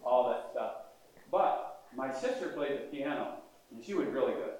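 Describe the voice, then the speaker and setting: A man's voice: mid-range voice, lively intonation, normal speed, a little mellow. An older man, a priest, preaching a sermon in a conversational way and asking his congregation questions. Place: large church. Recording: echoey church heard from a distance.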